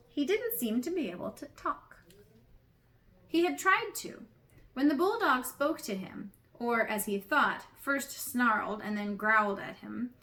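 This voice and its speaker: A woman narrating a storybook aloud in a gentle, measured way. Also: fairly high pitch. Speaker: audiobook reader.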